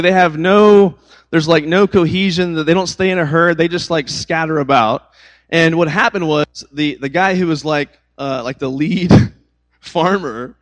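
Upbeat, slightly high-voiced young man teaching. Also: a bit bright, rough recording. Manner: conversational, storytelling, uses filler words. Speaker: youth pastor. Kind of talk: casual Bible teaching.

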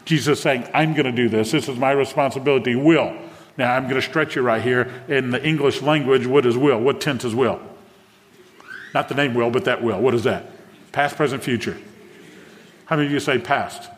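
Preaching at a moderate pace in a mid-range voice, a male pastor draws his congregation in with questions. The church sanctuary adds a long hall reverb to the sound.

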